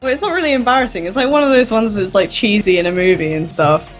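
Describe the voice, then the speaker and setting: A woman's voice: mid-range voice, fast, slight background noise. A woman in casual podcast chat who talks in a giggly, self-conscious way. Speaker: podcast co-host.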